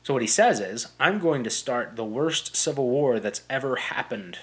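A young man at an ordinary mid pitch talks through a classic play for his podcast. He paraphrases the quotes in loose everyday phrasing, stumbling into restarts and fillers as he explains. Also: lively intonation, normal speed. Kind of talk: casual explanatory retelling.

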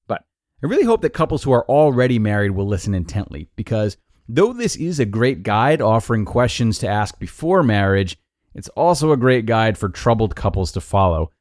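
A man hosting a podcast, reading a blog post aloud in a lively, expressive way. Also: on the low side, dry recording, studio quality. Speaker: podcast host and narrator.

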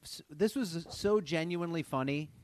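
Excitable man with a higher voice. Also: normal speed. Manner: excitable, swears often, mock alarm bits. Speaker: podcast co-host. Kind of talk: casual chat.

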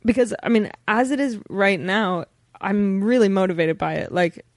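A woman's voice: medium pitch, moderate pace, dry recording. A woman guest on a podcast in casual chat, playful and rambling, giggling often.

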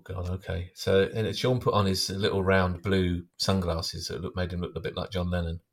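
A middle-aged man who is a comedian hosting, chatting casually with wry, dry quips. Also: deep voice. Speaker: comedian host. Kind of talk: casual chat.

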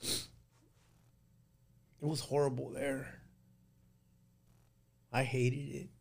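A man's voice: medium pitch, little pitch movement, extremely slow, creaky. A middle-aged man recounting his life in a casual interview, plain-spoken and rambling, with many restarts. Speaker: guest recounting prison life.

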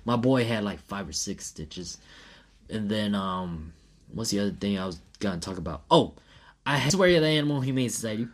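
A man in his thirties in casual chat, telling a story in an animated, slangy way and acting out what people said. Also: fairly low pitch, normal speed.

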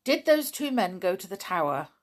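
A woman's voice: mid-range voice, sing-song, moderate pace. A woman voicing an earnest middle-aged scientist father in an audiobook, explaining in an earnest tone. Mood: urgent. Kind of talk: audiobook reading.

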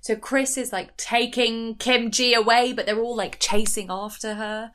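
A woman co-hosting a casual chat podcast, animated and acting out quotes in exaggerated voices. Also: on the high side, measured pace. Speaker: podcast co-host.

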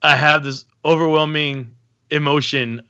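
A man's voice: a little high, fairly even intonation, measured pace, pushed and bright, clean tone, lo-fi sound. A young adult man hosting a podcast, telling stories in casual chat with lots of restarts and slang. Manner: rambling storytelling with many restarts and slang. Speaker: podcast host.

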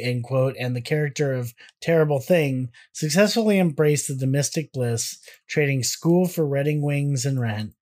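A man co-hosting a podcast in casual chat, wry and quick to swear. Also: mid-range voice, darkish tone. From American South. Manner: profane, wry banter. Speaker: podcast co-host.

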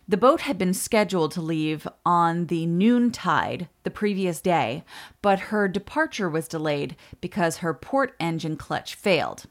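A woman co-hosting a podcast, telling a history story in a relaxed way with quick asides. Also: lowish voice. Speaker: podcast co-host. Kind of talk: storytelling chat.

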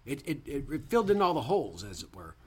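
A man's voice: mid-range voice, huge pitch swings, fast talker, a little hiss or hum. A man co-hosting a comedy podcast, riffing playfully on tangents. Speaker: podcast co-host. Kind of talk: casual comedic chat.

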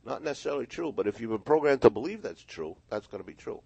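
A man's voice: medium pitch, lively intonation, fast, gravelly, mellow, slightly rough, dry recording. A man, a hypnotist guest on a radio interview, telling stories and acting out the voices in them. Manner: storytelling, acts out quoted voices. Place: radio studio.

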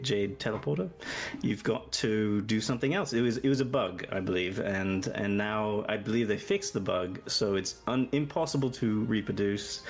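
A man's voice: lowish voice, creaky. A man with a Canadian accent chatting on a podcast, joking at his own expense and laughing often. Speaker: podcast guest. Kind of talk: casual podcast chat.

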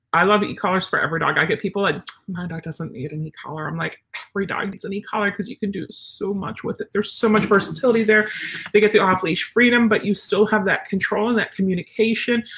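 A dog trainer chatting casually on a live stream, answering viewer comments and acting out little dialogues. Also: medium pitch. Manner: animated, chatty, acts out dialogues.

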